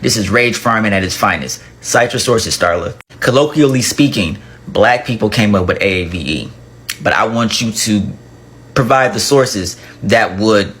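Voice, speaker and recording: A man's voice: lowish voice, fairly bright tone. A man gives a sarcastic reaction rant to camera and demands evidence over and over. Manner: demanding, sarcastic, repeats himself. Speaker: commentator.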